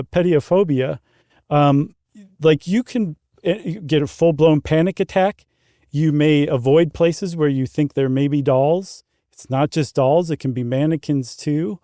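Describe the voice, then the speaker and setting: A man's voice: fairly high pitch, normal speed, dark tone, no echo, clean studio sound. A middle-aged man co-hosting a podcast, explaining in a chatty way with many fillers. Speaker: podcast co-host. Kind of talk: casual chat.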